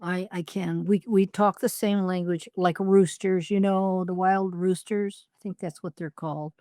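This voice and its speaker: A middle-aged woman co-hosting a podcast, talking wryly with casual swearing and quick laughter. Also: lowish voice, steady tone, dark tone, dry recording, studio quality. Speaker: podcast co-host. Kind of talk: casual chat between friends.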